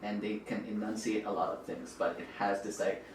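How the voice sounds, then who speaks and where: A man's voice: fairly low pitch, flat delivery, a little fast, a little hiss or hum. A young man from the Philippines, a podcast guest chatting casually and playfully, with lots of likes and hedges. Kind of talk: casual chat. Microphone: camera microphone, not the podcast mic. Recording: roomy audio from a distant camera mic.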